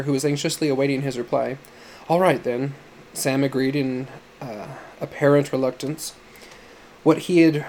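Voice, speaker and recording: A man narrating an audiobook story in a measured storytelling manner. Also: medium pitch, dark tone, slight background noise.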